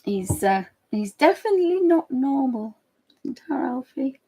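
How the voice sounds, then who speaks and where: A woman's voice: high voice, very animated, measured pace, warm tone, husky. A woman chatting casually and giggling as she draws live for viewers. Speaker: digital artist streamer. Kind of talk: casual chat while drawing live.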